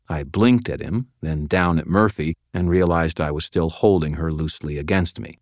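Audiobook narrator, man, very low voice, dry close studio sound, even first-person storytelling. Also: normal speed, few pauses, no echo.

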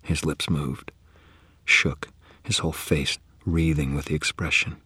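A man narrating first-person fiction in a grave manner, often dropping into a hushed whisper. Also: very deep voice, little pitch movement, measured pace, breathy edge, dry recording. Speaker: audiobook narrator.

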